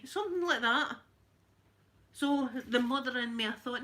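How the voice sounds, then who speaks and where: A woman's voice: a little high, a little slow, long pauses, sharp tone. A middle-aged Scottish woman chatting on a live stream, greeting viewers by name and laughing often as she talks. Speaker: vlogger. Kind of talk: casual live-stream chat.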